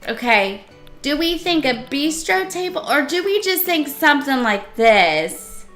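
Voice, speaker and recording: A woman's voice: sits high, expressive, normal speed, fairly bright tone, faint music behind. A woman live-streaming a cozy game, chatting casually and asking her viewers for their opinions, giddy and proud.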